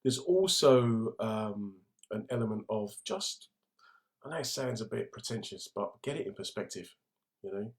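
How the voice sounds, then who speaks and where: A man's voice: on the low side, lively intonation, measured pace. A middle-aged man with a London accent, a comedian hosting a casual livestream in a jokey, laddish way and reading out viewer comments. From England.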